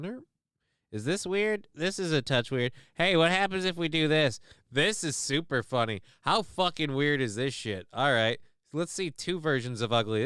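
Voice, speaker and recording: Smooth-voiced, profane livestream host man. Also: mid-range voice, a bit bright, no room sound, clean studio sound. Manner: profane, rambling, self-mocking. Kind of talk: casual livestream chat.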